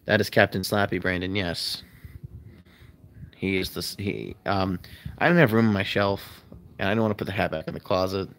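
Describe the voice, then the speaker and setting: A man's voice: sits low, lively intonation, moderate pace, pauses often, a bit bright. A man chatting casually on a livestream from his loft at home, rambling, yawning and answering viewer comments, recorded on a phone. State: sleepy, yawning. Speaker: livestream host. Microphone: phone camera.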